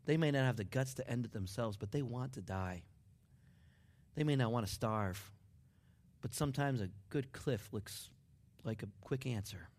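A man preaching a sermon, dropping to near whispers and building up to excited shouts. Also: medium pitch, normal speed, pauses often. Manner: dramatic swings from hushed to shouting. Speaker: pastor.

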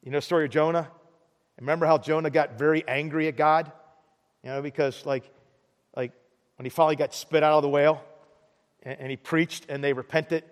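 A man's voice: a little high, in a large hall. A man preaching a sermon in a conversational way, often restarting words and pressing harder on the key points. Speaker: pastor.

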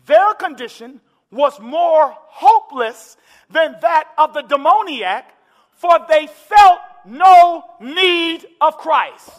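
A man preaching a sermon in a church, building to impassioned shouted climaxes. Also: extremely high pitch, expressive, slow pace. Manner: impassioned, shouting climaxes with call-and-response urgency. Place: large church hall with congregation. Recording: echoey church hall with crowd.

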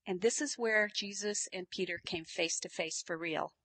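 Bright-voiced woman preaching a sermon. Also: fairly low pitch, moderate pace. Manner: animated storytelling, acting out quotes with sudden loud bursts.

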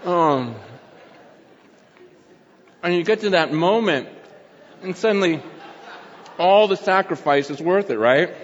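A man's voice: high-pitched, lively intonation, slow pace, pauses often, a faint crowd, slight background noise. A middle-aged man preaching a casual sermon over a meal, chatty and laughing, at times talking with his mouth full. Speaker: pastor. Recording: dull sound with long hall reverb.

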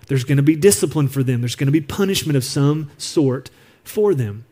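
A man's voice: fairly high pitch, lively intonation, normal speed, mellow. A man preaching a sermon as a pastor, telling a personal story in an earnest, confiding way. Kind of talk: sermon on parenting. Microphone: recorded apart from the congregation.

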